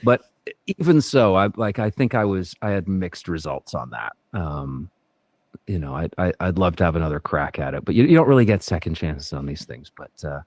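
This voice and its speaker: A man speaks as a guest on a casual podcast in a very low, deep voice. He wanders through his thoughts with fillers and restarts. The sound is dry and close. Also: lively intonation, moderate pace, darkish tone, no echo. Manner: reflective, rambling with many fillers and restarts. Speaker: actor guest.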